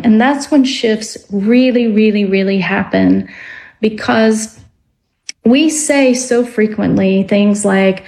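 A woman guest on a radio talk show, explaining ideas in a reflective, measured way and stretching out some words. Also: mid-range voice, a little mellow, rough recording. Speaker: guest author on dreams. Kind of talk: radio interview.

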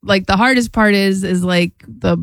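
A woman on a radio show, talking casually, tired and halting with many restarts. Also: mid-range voice, no room sound, studio quality. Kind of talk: casual chat.

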